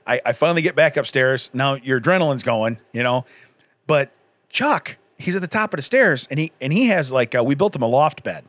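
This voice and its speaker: A man's voice: medium pitch, lively intonation, a little fast, fairly bright tone, no room sound. A man in his forties co-hosting a casual chat, telling a rambling story and laughing often.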